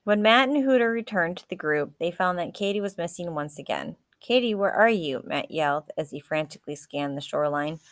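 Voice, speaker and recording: A woman reading a children's chapter book aloud as narrator in a clear, even manner. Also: low-pitched, a little fast, few pauses, dry recording, studio quality. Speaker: audiobook narrator. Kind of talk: scripted storybook narration.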